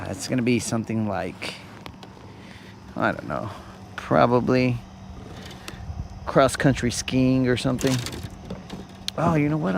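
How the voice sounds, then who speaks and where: A man's voice: medium pitch, creaky, noisy background. A man hosting a fishing livestream, joking and rambling in slangy casual chat from a boat outdoors.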